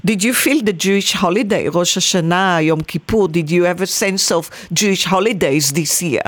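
A woman's voice: lowish voice, moderate pace, dry recording. A woman hosting a radio interview, asking questions in an inquisitive, conversational way. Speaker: radio host.

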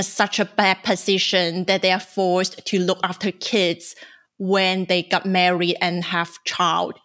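A woman's voice: mid-range voice, pushed and bright. A young woman hosting a casual discussion, earnestly asking questions and sharing personal stories. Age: young adult.

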